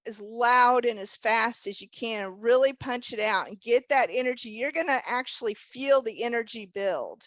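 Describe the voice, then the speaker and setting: A woman's voice: fairly high pitch, moderate pace, hardly any pauses, a bit bright, no echo, highs cut off. A woman teaching a witchcraft class over a video call, patiently walking a group through a spell chant step by step. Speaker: witchcraft instructor.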